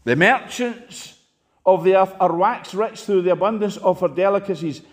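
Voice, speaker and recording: A man preaching an impassioned sermon, swinging between loud emphatic peaks and hushed asides. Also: high voice, normal speed.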